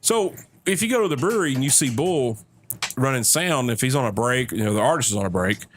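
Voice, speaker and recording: A man's voice: medium pitch, lively intonation, a little hiss or hum. Man hosting a casual podcast. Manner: friendly teasing, quick restarts. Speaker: podcast host. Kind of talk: casual chat.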